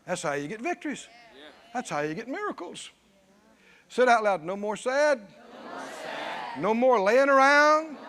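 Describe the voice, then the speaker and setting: A man preaching a sermon, emphatic, at times shouting and at times dropping low. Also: very animated, a little slow, long pauses. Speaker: pastor.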